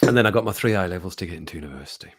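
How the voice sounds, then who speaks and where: A middle-aged man from the English Midlands, speaking with his local accent in a lowish voice. He chats casually to viewers on a home livestream, rambling from one thing to the next and chuckling along the way. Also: animated, rapid-fire. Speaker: livestream host. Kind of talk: casual chat with live viewers. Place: home streaming room.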